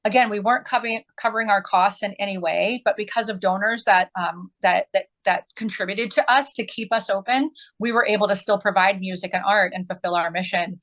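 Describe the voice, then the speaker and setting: A woman's voice: mid-range voice, a little fast, hardly any pauses, a bit bright, rough recording. Woman in her 40s, arts nonprofit director, earnest, says um a lot. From southern Illinois, US. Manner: earnest, many ums. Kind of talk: interview answers.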